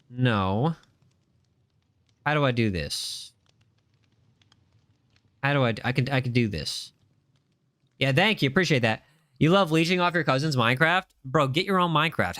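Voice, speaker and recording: A man's voice: medium pitch, lively intonation, unhurried, long pauses, a bit bright, no echo. A young man hosting a casual livestream, bantering playfully with his chat and insisting he is not lost. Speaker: livestream host.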